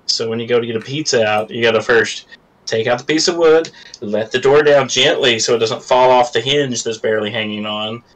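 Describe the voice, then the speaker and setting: Guy griping dryly on a podcast, kinda far from the mic, average pitch. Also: a bit bright. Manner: dry, wry complaining. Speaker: podcast co-host. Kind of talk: casual chat. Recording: voice a bit distant from the mic.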